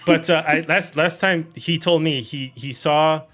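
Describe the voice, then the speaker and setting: A man's voice: fairly high pitch, fairly even intonation, unhurried, a bit bright, pitched above the performer's own voice. A man voicing a brash, casual woman druid who swears bluntly and rambles. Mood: brusque.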